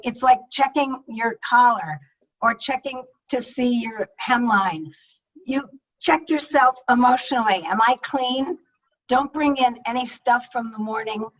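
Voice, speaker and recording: A woman speaking coach giving an energetic, emphatic talk on public speaking over a video call. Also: fairly high pitch. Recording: distant-sounding video call audio.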